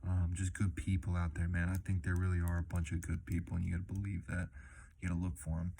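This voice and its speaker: Young male vlogger, low mellow monotone, laid-back, profane, casual chat. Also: quick pace, vocal fry, a little hiss or hum. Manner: laid-back, swears a lot, says "man" and "dude" often. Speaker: delivery driver vlogger. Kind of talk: casual rambling vlog.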